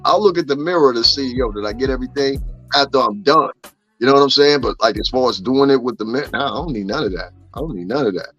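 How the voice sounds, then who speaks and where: Brief: male streamer, mid-pitched, profane and playful, slightly muffled audio with faint music underneath. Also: fast talker, a bit bright, slightly rough. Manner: profane, joking, talks to chat. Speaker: gossip livestream host. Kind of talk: casual livestream commentary.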